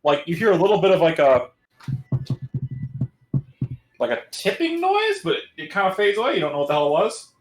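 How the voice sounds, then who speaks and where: A man's voice: high-pitched, huge pitch swings, fast talker, roomy sound, slight background noise, rough recording. A man narrating as game master in a loose, casual way, full of fillers.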